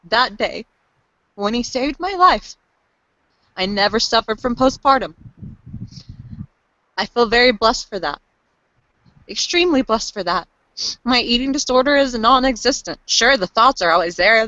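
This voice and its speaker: A woman's voice: a little high, bright, forceful tone, no room sound, muffled recording. A woman in her thirties giving earnest, emotional personal testimony on a panel call, breaking into pep-talk bursts. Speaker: panelist sharing lived experience.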